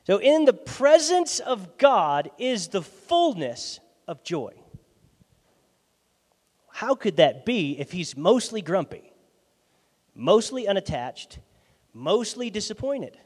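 A man with a notably high voice delivers a sermon in a conversational, animated style. His volume rises and falls sharply between quiet asides and emphatic bursts. The recording carries a long, lingering reverb from a church sanctuary. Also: takes it slowly, pauses often, husky. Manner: lively, conversational preaching with dramatic swings in loudness. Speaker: pastor.

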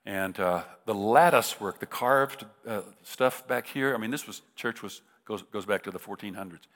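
A man's voice: on the low side, moderate pace, fairly bright tone. A man, a middle-aged preacher, tells a humorous story in a sermon, talking casually with many restarts. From United States. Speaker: visiting preacher. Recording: reverberant hall.

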